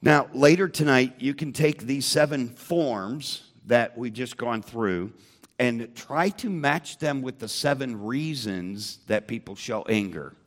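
Guy teaching a bible class, slow and deliberate, middle pitch, keeps asking the room stuff. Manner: slow, emphatic, asks the room questions. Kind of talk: church teaching with questions to the audience.

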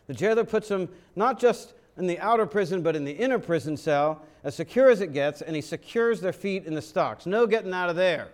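A man's voice: high-pitched, animated, a little fast, few pauses. A man preaching a sermon, dramatic and full of rhetorical questions, sometimes acting out other voices. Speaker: pastor.

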